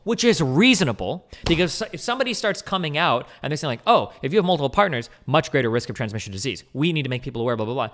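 Brief: young male streamer, rapid casual commentary, profane, acts out little examples. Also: medium pitch, fairly bright tone. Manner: fast, rambling, profane, explains with acted examples.

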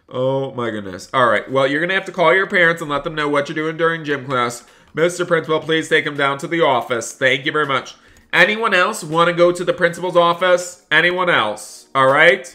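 A man's voice: on the high side, normal speed, pushed and bright, faint music behind. A man doing in-character game roleplay commentary as a teacher, exasperated and constantly talking to viewers. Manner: exasperated, keeps addressing viewers as "you guys". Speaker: gaming roleplayer.

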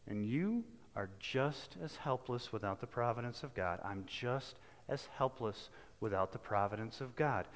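A male pastor preaching in a relaxed, conversational way, with folksy asides and frequent restarts. His voice sits at an ordinary middle pitch. A long church reverb trails after every phrase. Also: unhurried, few pauses. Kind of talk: sermon. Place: church sanctuary.

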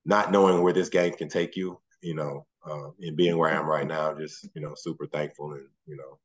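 Very deep, husky man. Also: little pitch movement, a little fast, highs cut off. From Mississippi, USA. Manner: soft-spoken, trails off often with "you know". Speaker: guest, former basketball player and coach. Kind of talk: relaxed interview chat.

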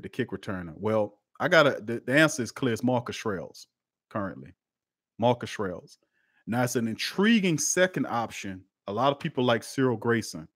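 A man, hosting a live-streamed sports talk show and chatting with his viewers, swinging between loud outbursts and quiet asides. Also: fairly low pitch, no echo, studio quality. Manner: lively and conversational, talks to chat, swings from loud to quiet.

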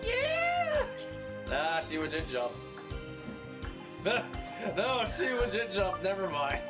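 Game music accompanies a gamer whose mid-range voice moves through big pitch swings at normal speed. In casual commentary on their own play, they react with disbelief, keep repeating questions and burst out laughing.

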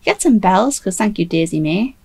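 A woman's voice: mid-range voice, expressive, moderate pace, creaky, a little mellow, slightly rough, poor audio. A woman casually commenting while playing a video game, chatty and self-mocking, still a bit sleepy. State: sleepy, trying not to yawn. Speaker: gaming YouTuber.

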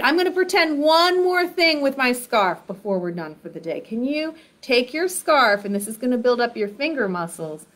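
A woman with a high, light voice leads a children's sing-along activity lesson. She takes her time with each phrase and keeps cheering on the little ones watching at home. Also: a bit bright. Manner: encouraging, speaks slowly and directly to young children. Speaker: children's program host.

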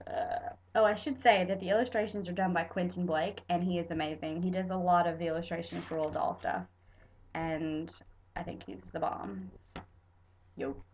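A woman's voice: fairly low pitch, slow pace, long pauses, lo-fi sound, slight background noise. A young woman with a stuffy nose, playfully reciting a children's poem as a storybook reading. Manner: playful, animated. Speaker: poetry reader.

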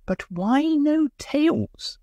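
A man voicing a peevish, coddled, plump young man who talks in a shrill, fussy way. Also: sing-song, moderate pace, creaky, a little mellow, no room sound, full character voice. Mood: indignant.

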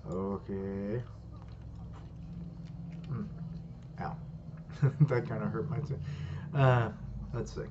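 Low-voiced man narrating a reaction. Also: fairly even intonation, drawn-out words, pauses often. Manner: casual running commentary, swears freely. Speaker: host. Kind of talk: live comic reading and reaction. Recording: dull lo-fi, faint hiss.

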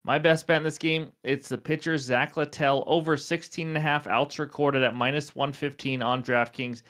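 A man's voice: on the high side, steady tone, moderate pace, fairly bright tone. A man hosting a sports betting show, rattling off statistics in an easygoing, conversational way. He fills gaps with "um" and "uh" as he builds his case for each pick. His voice is wearing thin. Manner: chatty, fillers and stat rundowns. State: losing his voice. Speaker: sports betting podcast host. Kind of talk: casual betting picks talk.

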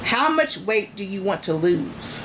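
A woman vlogger chatting casually and playfully to her viewers, calling them y'all, with loud bursts between quieter asides. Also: medium pitch, unhurried, background noise. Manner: animated, swings between soft asides and loud exclamations.

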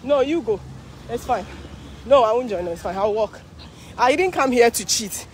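A woman's voice: a little high, lively intonation, moderate pace, a little hiss or hum. A Ghanaian woman vlogging live while walking along a street parade, tired from the walk, chatty and exclaiming. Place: outdoor city street at a parade.

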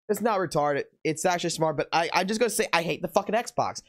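A man talks straight to his stream audience in a loose, casual way, swearing constantly as he rants. His voice sits a little higher than most men's. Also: fast talker, few pauses, fairly bright tone. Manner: profane, ranting, heavy cursing. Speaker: game streamer, host. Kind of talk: casual livestream talk.

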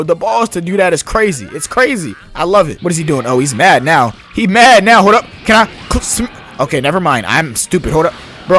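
A young man giving live, excitable, slang-heavy commentary as he plays a video game. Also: high voice. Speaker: gamer.

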